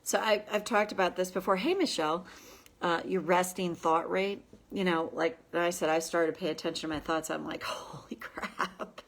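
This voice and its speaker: Low-voiced woman self-help coach. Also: fairly even intonation, normal speed. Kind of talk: self-help talk to viewers.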